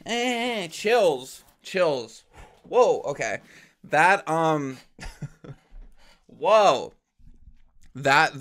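A man hosting a reaction video, talking in a gushing, excitable and emotional way. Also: medium pitch. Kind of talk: casual reaction commentary. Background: faint music.

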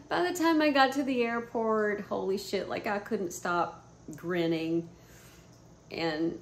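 A woman vlogger telling a story to camera in a casual, animated way, swearing freely and often breaking into laughter. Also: medium pitch, slow, a little hiss or hum. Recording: roomy echo.

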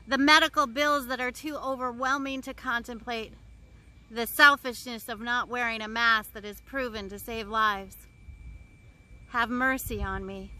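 A woman pastor reads scripture and leads a spoken prayer in a high, bright voice. Her delivery is slow and earnest, and she returns again and again to repeated refrains.

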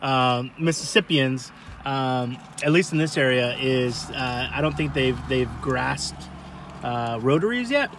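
A man's voice: medium pitch, animated, a little slow, noisy background. A man from Rhode Island hosting a food vlog, chatting casually over a meal and talking to viewers. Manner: chatty, addresses viewers as guys.

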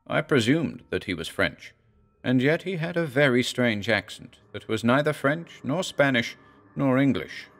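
Low-voiced male horror narrator. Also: fairly bright tone. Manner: measured, dramatic storytelling. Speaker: audiobook narrator.

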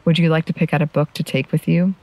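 A woman reading a story, voicing a kindly older woman who speaks softly and gently. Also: deep voice, steady tone, fast, no echo, natural voice. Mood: gentle. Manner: soft, gentle delivery.

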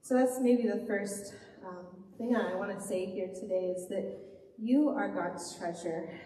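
A young woman pastor preaches with earnest, heartfelt repetition, her voice mellow and warm. She is picked up from across a large, echoey church hall with a long reverb tail and a faint room hum underneath. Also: mid-range voice, unhurried, distant mic. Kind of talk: sermon. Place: church sanctuary.

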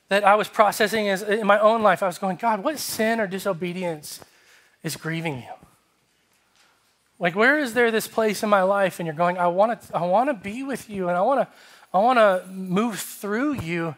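A male pastor preaching a sermon, telling a lively story and acting out its dialogue before moving into an appeal. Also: sits high. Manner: animated, acts out dialogue in his story. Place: church sanctuary.

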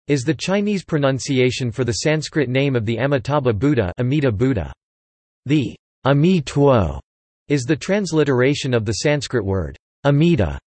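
A computer-generated man's voice reading an encyclopedia article in an even, flat machine delivery. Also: mid-range voice, no echo. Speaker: text-to-speech reader.

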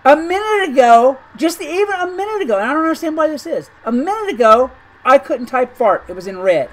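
A woman's voice: sits high, lively intonation, a little fast, low-quality recording. A woman making a chatty gaming video, talking in an incredulous, rambling way and often repeating her words. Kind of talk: chatty commentary over gameplay.

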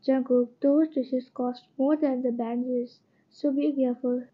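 Cold young husband, curt and scolding, read by a woman; high voice, dull lo-fi sound. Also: steady tone, measured pace. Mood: harsh, annoyed. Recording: dull lo-fi recording.

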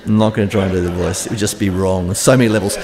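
A man's voice: sits low, steady tone, rapid-fire, crowd noise. A man preaching a conversational sermon, retelling a story in a chatty, joking way.

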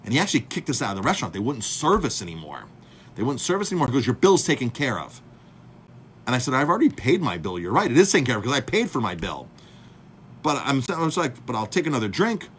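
A chef telling a story to his viewers in a casual, animated way, acting out the dialogue and calling his audience "folks". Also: mid-range voice, quick pace, slight background noise. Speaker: chef and speaker.

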